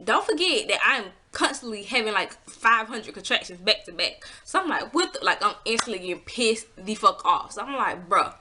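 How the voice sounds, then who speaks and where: Animated bright-voiced young woman vlogger. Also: moderate pace, hardly any pauses. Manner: animated, acts out her own past lines with big pitch jumps; blunt, swears freely. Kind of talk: casual storytime.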